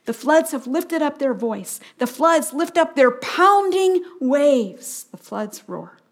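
Middle-aged female Bible teacher, slightly high voice, program style with slow call-and-response lines. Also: animated. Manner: slow call-and-response repetition of key phrases.

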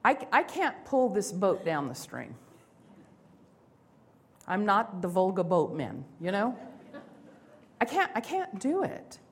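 A woman giving a sermon-style talk, expressive and acting out inner voices, slowing down for emphasis. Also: mid-range voice, breathy edge. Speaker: speaker.

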